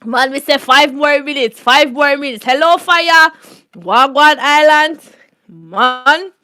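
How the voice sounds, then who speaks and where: Bright-voiced laughing Jamaican woman. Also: high-pitched, takes it slowly. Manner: laughs often, repeats catchphrases in patois. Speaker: YouTube host. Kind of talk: casual storytime vlog.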